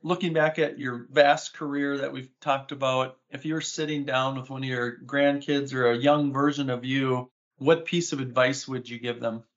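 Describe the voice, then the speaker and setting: A man's voice: medium pitch, fairly even intonation, normal speed, a bit bright. A man hosting an interview, affirming and enthusiastic as he reflects back on his guest's stories. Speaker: interview host. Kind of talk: interview conversation. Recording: muffled lo-fi audio.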